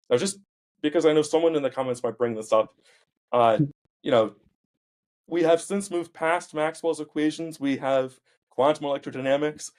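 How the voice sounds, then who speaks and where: A man, a philosopher guest, explaining ideas carefully in a casual academic discussion with many pauses. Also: medium pitch, a little mellow. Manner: explanatory, many ums and uhs.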